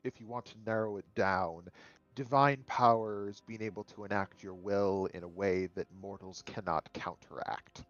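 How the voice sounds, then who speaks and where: A man playing in a tabletop game, speaking in character with polite, measured phrasing. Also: fairly low pitch, steady tone, dull audio, faint music behind. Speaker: player. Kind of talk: tabletop role-play, in and out of character.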